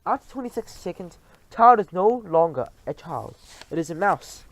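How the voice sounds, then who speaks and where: Lively male storybook reader. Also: sits high, normal speed, no echo. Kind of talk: storybook reading aloud.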